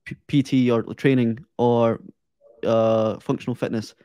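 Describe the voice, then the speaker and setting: A man's voice: medium pitch, level tone, a little slow, mellow, no echo. A male podcast host asking questions in a curious, reflective, conversational way. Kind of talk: casual interview chat.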